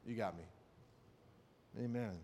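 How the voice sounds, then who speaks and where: A man giving a conversational sermon, telling personal stories and often checking in with his listeners with quick rhetorical questions. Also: fairly low pitch, dark tone, a little hiss or hum. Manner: personal storytelling. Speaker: preacher. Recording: long hall reverb.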